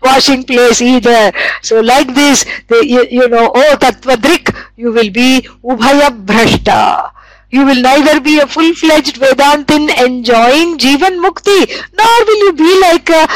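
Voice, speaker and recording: Woman teacher, high bright voice, dry close sound, lively lecturing style. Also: no echo, rough recording. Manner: conversational, animated, acts out imagined dialogue. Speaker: Vedanta teacher. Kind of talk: scripture class lecture.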